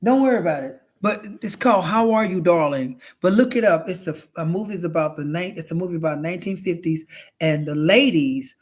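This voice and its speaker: A man's voice: on the high side, a little fast. A man in a casual storytelling monologue, flamboyant and chatty, calling his listener honey and child, rambling with restarts and swearing as he goes.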